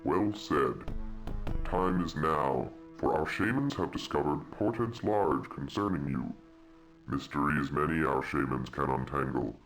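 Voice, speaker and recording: An actor playing a foreign traveler envoy who speaks formally with odd, inverted grammar, in a video game. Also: male voice, extremely low pitch, measured pace, fairly bright tone, heavily acted. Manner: formal, inverted word order. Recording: game audio over music.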